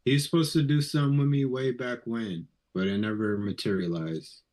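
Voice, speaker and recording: A man's voice: medium pitch, steady tone, moderate pace, a little mellow. A man chatting on a live video call, laid-back, giving brief answers.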